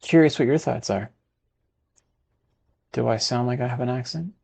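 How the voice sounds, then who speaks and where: A man from Texas narrates his city-building session in a relaxed, chatty way. He mutters to himself as he works, his voice sitting at an ordinary middle pitch. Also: moderate pace, vocal fry, husky. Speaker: gaming video host. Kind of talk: casual let's-play commentary.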